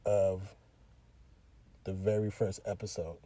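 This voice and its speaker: A man's voice: deep voice, fairly even intonation, slow, dark tone, no echo. A young man co-hosting a podcast, talking casually and bluntly from inside a car, repeating his points. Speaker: podcast co-host. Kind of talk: casual chat.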